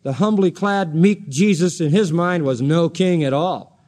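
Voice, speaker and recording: A man with a high, bright-toned voice preaches a sermon. He acts out the people he quotes, swinging his pitch up and down for drama. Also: unhurried. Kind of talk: expository sermon.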